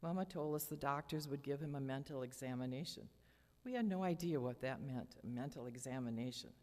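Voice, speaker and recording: Low-voiced older woman reading a memoir. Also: mellow. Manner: measured, dramatic storytelling. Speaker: memoir reader. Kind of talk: reading a personal memoir aloud. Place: church hall lectern. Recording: long church hall reverb.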